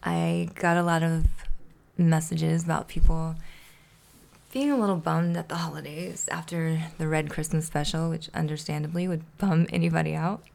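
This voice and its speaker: A woman hosting a solo podcast in a relaxed, chatty way, laughing easily as she reads a children's storybook aloud. Her voice sits low with a gravelly fry. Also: moderate pace. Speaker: podcast host. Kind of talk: casual chat and storybook reading.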